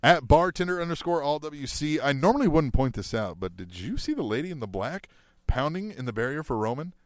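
A man's voice: fairly high pitch, very animated, a little fast, dry recording. A man co-hosting a wrestling podcast, reading listener tweets aloud and chatting with wry remarks.

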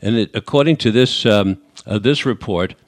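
An older New Yorker with a New York accent hosts a radio call-in show from a studio, talking conversationally with lots of fillers and restarts. His voice is fairly low at normal speed, and the sound is clean, with no room sound.

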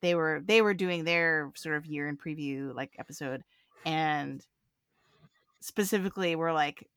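A woman's voice: deep voice, a little slow, fairly bright tone, smooth, no room sound. A woman co-hosting a film podcast, chatty and enthusiastic in casual talk. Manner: chatty, enthusiastic, laughs often. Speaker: podcast co-host.

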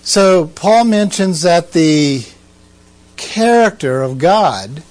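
A man's voice: fairly high pitch, lively intonation, slow pace, darkish tone. A man giving conversational Bible teaching, asking rhetorical questions and making asides to his listeners.

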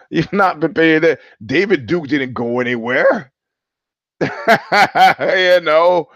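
A man's voice: fairly high pitch, a bit bright, no room sound. Wry rambling male show host. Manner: wry, rambling, laughs often. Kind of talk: solo live-stream monologue. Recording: slightly dull live-stream audio.

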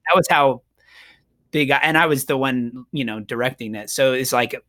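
A man's voice: mid-range voice, normal speed, pushed and bright. A man co-hosting a podcast in casual chat, often stopping to restart and repeat his words. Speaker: podcast co-host.

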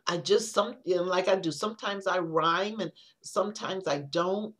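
A woman poet speaks in a lower register, reflective and unhurried. Her sentences stall and restart as she works toward what she means. It is a casual conversation on an interview podcast. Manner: reflective, halting with many restarts.

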